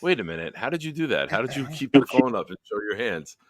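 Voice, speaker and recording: A man's voice: medium pitch, very animated, quick pace, dry recording, studio quality. A man hosting a livestreamed show in casual sports chat. He tells stories with lots of animation and swears freely.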